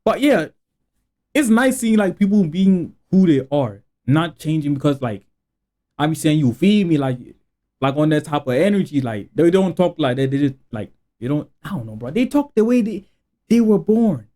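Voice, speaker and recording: A man's voice: fairly high pitch, big pitch swings, normal speed, dark tone. A man from Africa hosting a reaction video, talking in rambling slang full of "bro" and "like". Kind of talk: casual reaction commentary.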